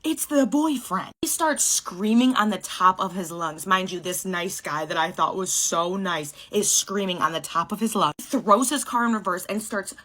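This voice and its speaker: A woman's voice: medium pitch, moderate pace, hardly any pauses, sharp tone. A young woman telling a story casually and bluntly, with frequent swearing and lots of filler words. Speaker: storytime vlogger.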